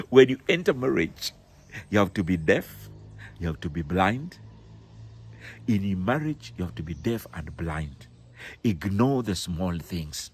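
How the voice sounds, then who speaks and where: A man's voice: deep voice, sing-song, slow pace, long pauses, a little mellow, breathy edge. A middle-aged man giving motivational marriage advice, emphatic and repeating his key words. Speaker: business and personal growth speaker.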